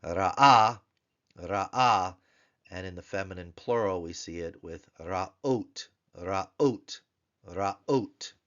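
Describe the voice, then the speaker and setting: A man teaching Biblical Hebrew grammar in a recorded lesson, explaining slowly and chanting word forms in a sing-song voice. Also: low voice, muffled recording. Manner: slow, deliberate explanations.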